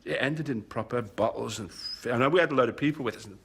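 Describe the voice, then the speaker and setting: A comedian guest in an interview speaks reflectively at a quick pace, his medium-pitched voice fairly bright with vocal fry and a breathy edge. He hedges with "you know" and throws in sound effects.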